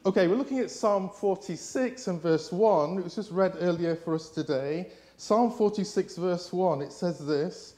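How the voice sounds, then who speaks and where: A middle-aged preacher with an English accent, delivering a sermon in a fairly high-pitched voice. He tells stories easily, often restarting and filling gaps with ums as he goes. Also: normal speed. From England. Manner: warm storytelling with frequent fillers and restarts. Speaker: guest preacher.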